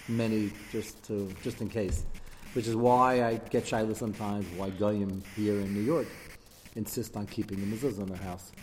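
A man giving a Torah class lecture, taking questions and acting out the quotes he reads with quick asides. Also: on the low side, darkish tone. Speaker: rabbi teaching a class. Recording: reverberant hall with faint background noise.

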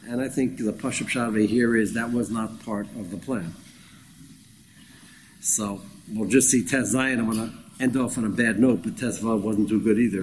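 A man's voice: medium pitch, slight background noise, poor audio. Teacher, male, informal study-group lecture, dry humor, middle register. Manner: conversational and wry, acts out quoted speakers. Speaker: Torah class teacher. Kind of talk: informal Bible class lecture.

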